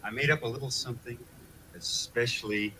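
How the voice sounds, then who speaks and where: A man's voice: medium pitch, a little fast, close to an everyday voice. An actor playing a cocky, smarmy ladies' man in a 1970s sitcom. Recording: noisy broadcast recording.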